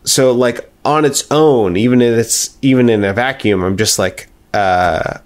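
A man's voice: mid-range voice, smooth. A man co-hosting a podcast in casual chat, talking hesitantly with many fillers. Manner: hesitant, filler-heavy, slow. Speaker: podcast co-host. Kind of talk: casual chat, critiquing song lyrics.

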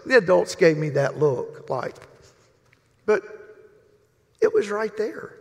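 A man in his sixties, a pastor, giving a sermon as humorous, folksy storytelling with long pauses. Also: high-pitched, expressive, a little mellow. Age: 60s. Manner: folksy, joking, drawn-out pauses. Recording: reverberant hall.

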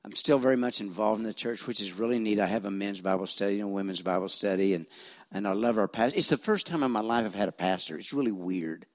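An older man in his seventies, a retired pastor from Missouri, preaches from the pulpit in a somewhat low voice. He tells homespun stories with self-deprecating jokes, often stumbling and restarting his sentences. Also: fast. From Missouri, USA. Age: 70s. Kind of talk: folksy storytelling sermon. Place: church.

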